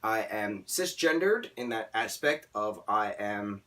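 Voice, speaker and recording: A man talking casually in an opinion vlog, emphatic and animated, often checking in with "right?". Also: lowish voice, unhurried. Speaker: vlogger. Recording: voice a bit distant from the mic.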